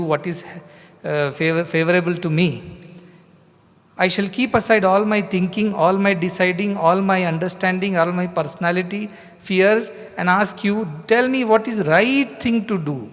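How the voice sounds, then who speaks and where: A man with an Indian English accent giving a spiritual discourse, explaining scripture and translating verses line by line. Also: sits high. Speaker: spiritual teacher. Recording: long hall reverb.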